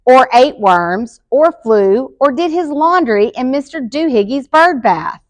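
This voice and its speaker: Storybook mother cat, stern and lecturing; a woman voices her, raised pitch, dry close sound. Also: lively intonation, measured pace, no room sound. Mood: scolding. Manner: bossy, lecturing.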